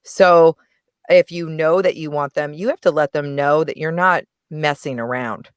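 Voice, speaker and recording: A woman's voice: deep voice, moderate pace, smooth, no echo, clean studio sound. A woman guest on a podcast, chatting frankly and animatedly about a movie and laughing often. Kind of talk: casual movie review chat.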